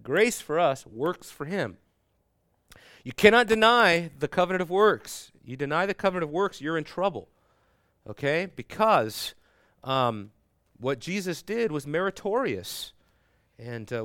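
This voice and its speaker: A man's voice: mid-range voice, a bit bright, dry recording. A man teaching theology to a classroom, talking conversationally with frequent fillers and rhetorical questions. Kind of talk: classroom lecture.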